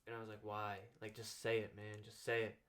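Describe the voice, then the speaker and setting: A young man hosting a relaxed chat show, winding through a story and slipping into the voices of the people in it. He leans on fillers and restarts as he talks. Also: fairly low pitch, a little fast. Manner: rambling anecdote full of "like" fillers, acting out quoted dialogue. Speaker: podcast host.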